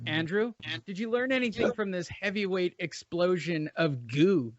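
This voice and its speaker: A man's voice: high voice, moderate pace. A man hosting a casual boxing podcast, joking and riffing in a mock-announcer way. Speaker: podcast host. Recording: dry lo-fi podcast audio.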